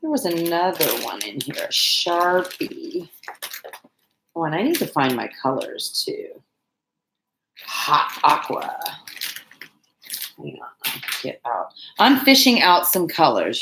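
A woman's voice: fairly low pitch, reverberant, noisy background. A woman chatting casually and rambling to viewers while she crafts on a livestream. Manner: chatty, rambling, self-deprecating, talks to viewers and pets.

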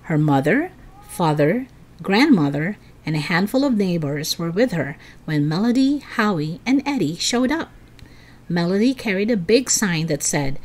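A woman storyteller reads a children's chapter book aloud. Her pitch sits in the middle but swings widely and expressively. She jumps up high and excited whenever the kids speak. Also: unhurried. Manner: lively reading, high excited voices for the kids' lines.

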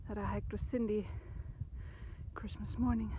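A woman's voice: medium pitch, little pitch movement, normal speed. A woman vlogging while hiking uphill on a desert trail, chatty and enthusiastic, a bit out of breath, sometimes dropping to a near-whisper. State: out of breath from climbing. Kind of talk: casual hiking vlog narration. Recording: windy outdoor handheld recording. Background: wind noise.

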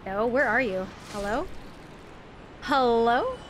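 A woman's voice: fairly high pitch, very animated, slow, background noise. A woman streamer chatting to her viewers as she plays, shrieking when enemies jump out. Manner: talks to viewers in chat. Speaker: game streamer. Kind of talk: live gameplay commentary.

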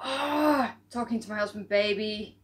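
A woman's voice: medium pitch, measured pace. A woman hosting a music reaction video, talking casually in an emotional, outspoken way and swearing freely.

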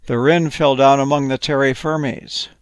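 A man gently narrating a playful, whimsical bedtime story. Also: mid-range voice, steady tone, measured pace, clean tone, no room sound.

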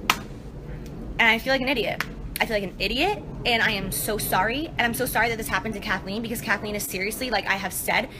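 A woman's voice: a little high, fairly quick, noisy background. A woman giving a rambling, apologetic account of her mistake. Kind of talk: apology video.

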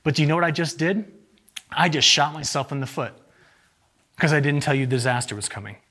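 A man presents weather forecasts to farmers in an animated, joking conference talk. His voice sits somewhat high and has a husky edge. He keeps the audience engaged with quick rhetorical questions. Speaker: agricultural meteorologist presenting to farmers.

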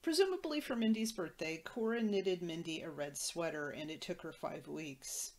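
Woman host, lowish voice, dry matter-of-fact recap with wry asides. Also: expressive, normal speed, a little mellow. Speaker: podcast host. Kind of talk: episode recap commentary.

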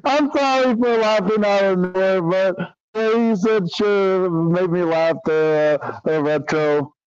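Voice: mid-range voice, slow, dull audio. A guest on a live stream, chatting casually by phone, talking hesitantly with many filler sounds.

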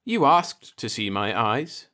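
A man reading the part of a polite, measured male alien in an audiobook, speaking with calm formality. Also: mid-range voice, heavily acted. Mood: politely calm.

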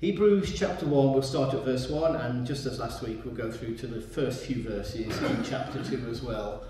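A man's voice: mid-range voice, moderate pace, background noise. A man preaching a sermon in a church and reading from the Bible, emphatic and repeating his key points. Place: church hall. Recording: very echoey room.

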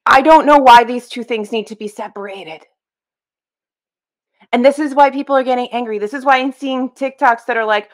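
A woman's voice: fairly high pitch, moderate pace. A young woman giving casual, exasperated reaction commentary on a video clip, emphatic and blunt. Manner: exasperated, emphatic, swears and laughs.

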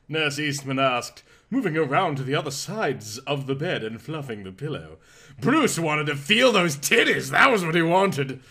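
A man's voice: fairly high pitch, expressive, measured pace, bright, forceful tone, faint music behind. A man reading a comic parody story aloud in a melodramatic, mock-passionate narration.

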